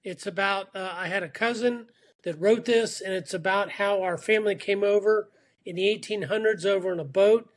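High-pitched male guest on a remote call, chatty storyteller, restarts often. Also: steady tone, moderate pace. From Atlanta, Georgia. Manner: talkative, storytelling with repeated restarts. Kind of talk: casual interview chat.

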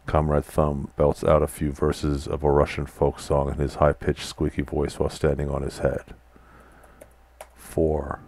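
Playing a text adventure, a man reads the game text aloud and chats casually between commands, quietly muttering what he types. His bass voice is monotone at a measured pace, recorded with no room sound.

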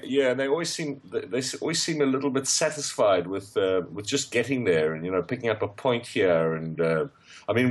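Low-voiced man talking football on radio. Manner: hesitant, many fillers and restarts. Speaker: football pundit. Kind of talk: casual radio punditry.

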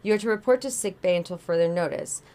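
A woman's voice: on the low side, fast, dark tone, close to an everyday voice. A woman reading aloud as a stern, logical female Vulcan officer, clipped and formal.

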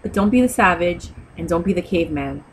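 A woman's voice: on the low side, animated, brisk, poor audio. Woman vlogging, sassy and blunt, lecturing you on manners, bit of faint hiss behind. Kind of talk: casual advice vlog.

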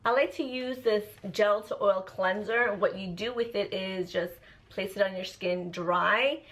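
A woman's voice: medium pitch, a little slow, a bit bright. A pregnant woman vlogging casually at home, pleading and teasing in playful banter. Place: home living room.

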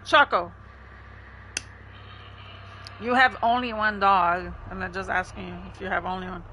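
A woman's voice: medium pitch, steady tone, brisk, sharp tone, slight background noise. A woman streaming a game, chatting casually with her chat and laughing often.

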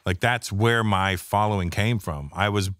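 Animated, swearing male comedian storyteller. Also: on the low side, moderate pace, dry recording, studio quality. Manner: animated storyteller, profane, acts out quoted people. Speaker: stand-up comedian guest. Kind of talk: casual podcast conversation.

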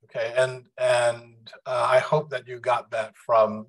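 A man lecturing to a roomful of listeners, taking his time over every phrase. His pitch sits mid-range, and he often stops and restarts a thought before carrying it through. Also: poor audio. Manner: slow, deliberate delivery with frequent restarts. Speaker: guest lecturer. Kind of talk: public lecture. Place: lecture room with a live audience.

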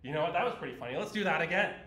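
A mischievous young shepherd boy, put on by a man telling a fable, lazily plotting his next trick. The voice sits slightly high and playful. It rings with the echo of a large lecture room. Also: lively intonation, very fast. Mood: bored, scheming. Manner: playful, teasing, then panicked shouting. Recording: echoey lecture hall.

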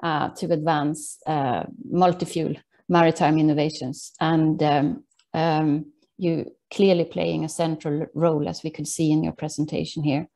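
A woman's voice: sits low, flat delivery, a little slow, warm tone. A woman moderating a webinar panel over a video call, asking questions with many hesitant fillers.

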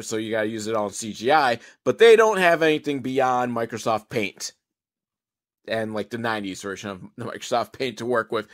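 A man giving a casual, comedic movie recap, rambling and sarcastic with some swearing. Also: mid-range voice. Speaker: movie reviewer.

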